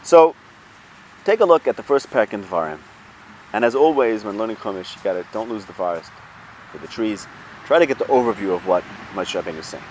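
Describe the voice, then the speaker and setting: A man's voice: lowish voice, lively intonation, brisk, darkish tone, slight background noise. A man giving an informal Torah lesson, talking things through conversationally with rhetorical questions and restarts. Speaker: Torah teacher.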